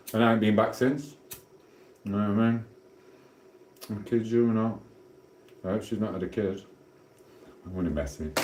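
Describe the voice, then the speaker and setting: A middle-aged Sheffield man with a low, warm voice is livestreaming while he cooks at home, rambling through friendly, matey banter with his chat. His South Yorkshire accent echoes around a roomy space.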